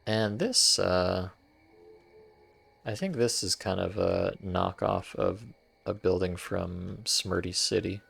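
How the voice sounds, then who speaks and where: A man's voice: sits low, very animated, takes it slowly, creaky, fairly bright tone, breathy edge. A man streaming a game, giving wry, playful commentary to his chat as he explores. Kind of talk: casual gameplay commentary.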